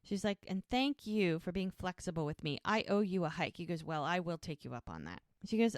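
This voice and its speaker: A woman's voice: on the low side, expressive, normal speed, a little mellow, clear, resonant tone, no echo, clean studio sound. Chatty woman recapping a show. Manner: retells scenes by quoting characters with "he's like". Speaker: podcast co-host. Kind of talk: casual recap chat.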